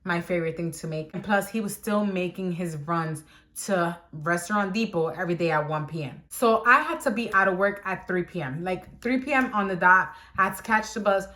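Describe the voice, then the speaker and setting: A young woman telling a casual storytime, animated and exclamatory, acting out the dialogue as she goes. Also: on the low side, fairly quick. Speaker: vlogger.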